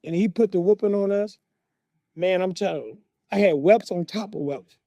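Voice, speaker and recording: A man with a high voice tells a personal story with vivid, dramatic pacing. He is recorded close in a dry room with no echo. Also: gravelly. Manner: animated, vivid, dramatic pauses.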